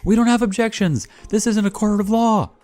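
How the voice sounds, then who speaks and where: A woman's voice: medium pitch, moderate pace, mellow, voice pushed up, lightly acted. A man voicing a stern female university board member in a firm, scolding tone, as part of a storybook-style narration. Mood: exasperated.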